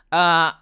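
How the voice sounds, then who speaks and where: A woman's voice: deep voice, sharp tone, clear, resonant tone. A young woman streamer giving blunt, sweary casual commentary with lots of restarts, from Romania.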